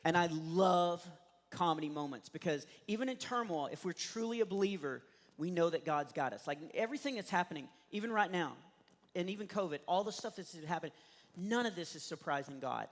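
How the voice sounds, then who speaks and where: A man from Texas with a Texan accent, doing stand-up comedy, telling stories in an animated way and laughing at his own jokes. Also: sits high, brisk. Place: church stage. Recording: long hall reverb.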